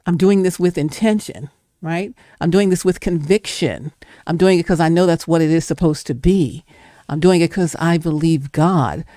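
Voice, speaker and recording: Emphatic woman with a mellow voice. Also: deep voice, no room sound, clean studio sound. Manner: emphatic, preacher-like, acts out doubting inner voices. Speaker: guest speaker. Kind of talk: motivational faith talk.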